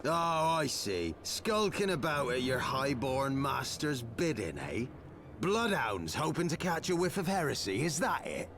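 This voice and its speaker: An actor playing a menacing, bullying street thug in a video game cutscene, with a gravelly, sneering voice. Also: male voice, mid-range voice, very animated, a little slow, background noise.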